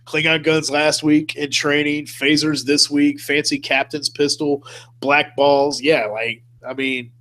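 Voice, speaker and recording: A man's voice: on the high side, little pitch movement, unhurried, a bit bright. Laid-back geeky man chatting and laughing. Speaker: host. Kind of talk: casual live-stream chat.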